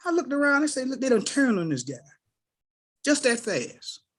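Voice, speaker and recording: A man's voice: very high-pitched, normal speed. A middle-aged man, telling personal stories on a group call and acting out the voices of the people in them. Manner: animated storyteller who acts out quoted voices. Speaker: call participant. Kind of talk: casual spoken testimony.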